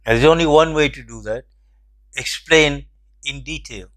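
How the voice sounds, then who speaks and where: An older man hosting a commentary show, telling a personal anecdote in a measured, reflective way. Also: on the high side, a bit bright. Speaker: host. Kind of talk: storytelling commentary.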